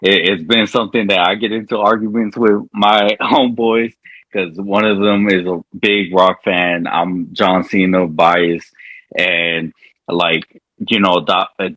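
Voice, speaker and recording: A man co-hosting a podcast, speaking in a halting way with many restarts. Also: deep voice, fairly even intonation, fairly bright tone, no echo, rough recording. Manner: halting, restarts often, hesitant. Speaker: podcast co-host. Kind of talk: casual chat.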